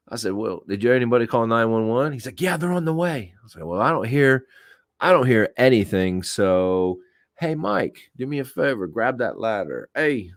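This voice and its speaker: A man from Oklahoma with a lowish voice, telling stories to his audience in a loose and cheerfully profane way. His voice jumps high whenever he acts out what people said, and the sound is dry and close. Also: no echo. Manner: animated, profane, acts out quoted voices with big pitch jumps. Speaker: podcast host. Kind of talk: casual storytelling to a live audience.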